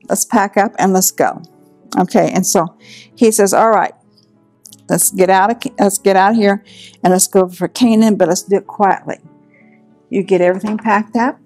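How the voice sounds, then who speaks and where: A woman teaching a Bible story in a casual, lively way, acting out the characters as she goes. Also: a little high.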